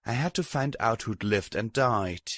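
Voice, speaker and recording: A man's voice: on the low side, lively intonation, unhurried, a bit bright, dry recording. Man reading an audiobook, dry and close. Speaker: audiobook reader. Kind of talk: first-person fanfiction narration.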